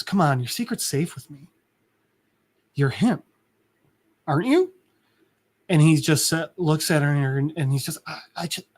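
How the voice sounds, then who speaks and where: A man co-hosting a podcast, casually recapping a comic and acting out the characters' lines in an animated way. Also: a little high. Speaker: podcast co-host.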